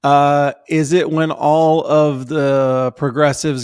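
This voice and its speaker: A man's voice: a little high, level tone, slow, darkish tone, clean tone, dry recording, soft background music. A man co-hosting a casual podcast, talking with wry, eye-rolling sarcasm. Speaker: podcast co-host. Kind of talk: casual conversation.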